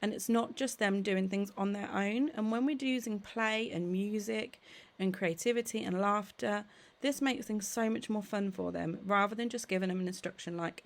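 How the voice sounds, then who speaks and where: Play therapist lady talking to parents, earnest and encouraging, bit of vocal fry, keeps saying okay. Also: mid-range voice, fairly quick. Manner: earnest, encouraging, frequent "okay?" check-ins and "um" fillers. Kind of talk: direct-to-camera parenting talk.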